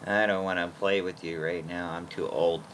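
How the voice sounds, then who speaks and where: A man voicing his old male dog as a tired, polite gentleman who is too old to play, in a dry, mock-weary tone. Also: sits low, flat delivery, normal speed, slight background noise, voice pushed down.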